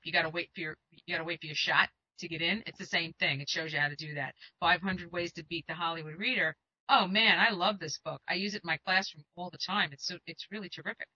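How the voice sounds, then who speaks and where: Woman, literary agent, casual advice talk, emphatic, bright tense voice, dry dull recording. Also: on the low side, no room sound. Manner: animated and emphatic, with frequent restarts.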